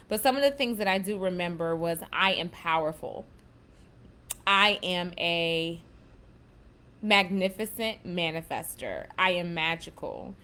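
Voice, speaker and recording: A woman with a mid-range, fairly bright voice hosts a casual spiritual self-help talk. She chats loosely, reads affirmations with emphasis, and calls listeners "baby" and "y'all."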